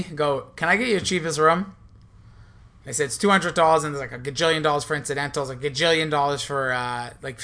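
Co-hosting a podcast from a hotel in a city, a young man with a fairly high, pushed and bright voice tells a rambling story. The casual chat is full of restarts.

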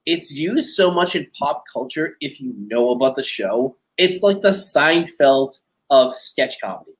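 A man's voice: mid-range voice, expressive, measured pace. A man co-hosting a podcast in casual chat, talking enthusiastically, swearing freely and laughing as he goes. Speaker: podcast co-host.

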